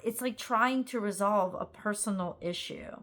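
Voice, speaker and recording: Woman, tarot reader, tired and yawning, meandering and thinking out loud, everyday voice. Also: mid-range voice, normal speed. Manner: rambling, thinking aloud with many fillers. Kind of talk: casual tarot reading to camera.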